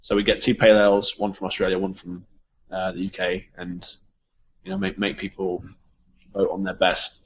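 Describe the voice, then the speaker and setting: A low-voiced English man talks beer in an easygoing, rambling way, his phrases often fading out quietly. The sound is dull and a little lo-fi. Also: moderate pace, a little hiss or hum. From England. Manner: relaxed, rambling, trails off softly. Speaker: guest from a beer shop. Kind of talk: casual chat.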